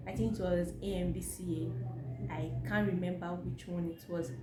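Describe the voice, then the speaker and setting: A young Nigerian woman from Edo with a Nigerian accent, giving casual, animated commentary to camera with exasperated, mocking asides. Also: mid-range voice. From Nigeria, Edo State. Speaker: vlogger. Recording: echoey room with background noise.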